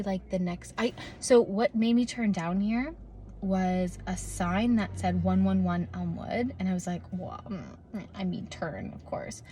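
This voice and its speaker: A woman's voice: mid-range voice, a little mellow, slight background noise. A young adult woman vlogging casually from her car, rambling with lots of fillers and restarts, recorded on a propped-up phone. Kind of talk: casual vlog chat. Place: in a parked car.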